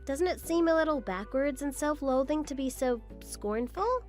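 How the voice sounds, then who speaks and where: A woman's voice: high voice, animated, moderate pace, soft background music. A woman voicing a patient, apologetic young daughter-in-law in a scripted story drama. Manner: apologetic, polite, gently defensive.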